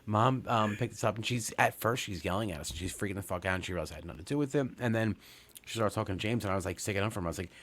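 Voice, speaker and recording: A New man in his thirties tells a long story on his podcast. His voice sits very low and stays casual. He rambles, restarts his sentences, and swears all the way through. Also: very fast, fairly bright tone. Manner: rambling, profane, lots of fillers and restarts. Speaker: podcast host.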